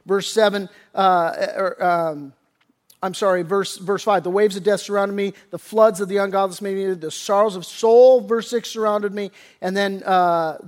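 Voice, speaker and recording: Speaking as a pastor, a man gives an earnest, conversational sermon, often restarting phrases. He softens for tender points and rises when reading scripture. His voice is high-pitched and steady, at a moderate pace.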